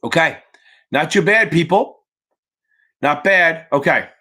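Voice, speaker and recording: A man's voice: on the high side, takes it slowly, sharp tone. A man running a casual live-stream Q&A for exam prep, chatty and profane, answering viewers from the chat by name.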